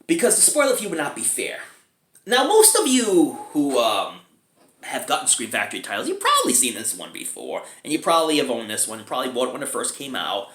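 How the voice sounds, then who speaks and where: A man's voice: mid-range voice, a bit bright. Chatty man reviewing a film, roomy echo. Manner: chatty, chuckles often. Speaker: movie reviewer.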